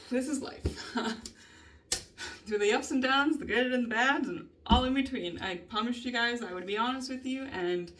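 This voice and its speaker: A woman's voice: on the high side, measured pace, long pauses, fairly bright tone, recorded from a distance, slight background noise. A woman vlogger venting in a rambling, casual way, swearing heavily and laughing often between thoughts. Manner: rambling, heavy swearing, frequent nervous laughter.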